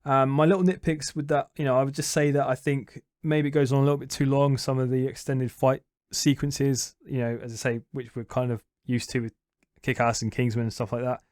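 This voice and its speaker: A man's voice: medium pitch, little pitch movement, fairly quick, darkish tone, dry recording, clean studio sound. A young man chatting casually through a movie review, rambling and hesitant with lots of restarts.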